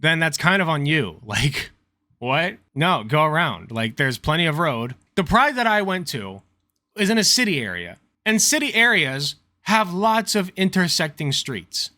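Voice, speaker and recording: A man hosting a reaction video, talking casually, sarcastic and excitable, with sudden outbursts. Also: fairly high pitch, a little slow, no echo.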